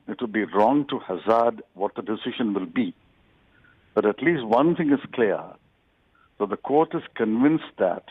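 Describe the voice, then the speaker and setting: An older man, a political guest, giving deliberate, lawyerly interview answers and stressing key words. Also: lowish voice, slightly rough, no room sound. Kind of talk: measured televised interview answers. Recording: tinny phone-like line.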